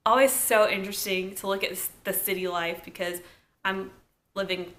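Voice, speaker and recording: A woman's voice: mid-range voice, fairly even intonation, moderate pace, fairly bright tone. A woman reviewing a TV episode in a casual, chatty recap full of asides and "like". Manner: chatty, lots of "like", laughs and asides. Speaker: TV show reviewer.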